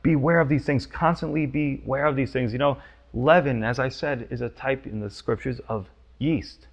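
A man's voice: medium pitch, normal speed, dull audio. A man preaching a sermon, teaching verse by verse with emphatic, urgent questions. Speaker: pastor.

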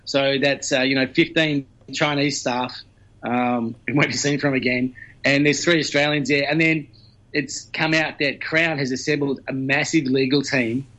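Brief: male news commentator, mid-pitched, talkative, heard over a dull lo-fi remote line. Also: fairly even intonation, normal speed, sharp tone. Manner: talkative, explains at length with fillers.

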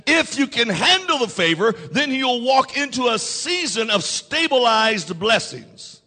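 A man's voice: very high voice, sing-song, a little slow, bright, forceful tone, long reverb tail. A man, the pastor, preaching a sermon to his congregation and leading call-and-response. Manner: preaching with rising intensity and call-and-response prompts. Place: church sanctuary.

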